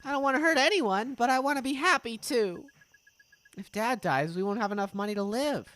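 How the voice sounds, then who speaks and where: A woman voicing a defiant, stubborn young girl with shrill, outraged protests, read aloud from a game. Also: fairly quick, a bit bright, no echo, lightly acted.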